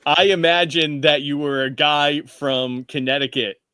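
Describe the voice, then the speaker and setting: A man's voice: a little high, little pitch movement, a little slow, bright, forceful tone, clean tone, no echo. A man playing a tabletop game, easygoing and joking with the others. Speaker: player. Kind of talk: tabletop role-play, casual.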